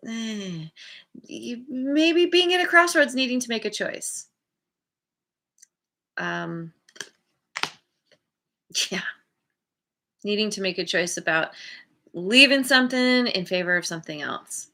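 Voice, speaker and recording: Woman, tarot reader, casual chat, bright voice, laughs a lot, playful quoted voices. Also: medium pitch. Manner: chatty, laughs often, acts out quoted reactions. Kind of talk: casual spoken tarot reading.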